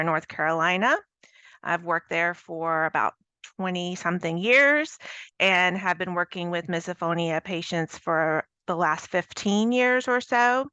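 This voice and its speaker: Woman audiologist, bright and smooth, steady and informative, dry sound. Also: lowish voice, dry recording. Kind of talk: panelist introduction. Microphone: video call.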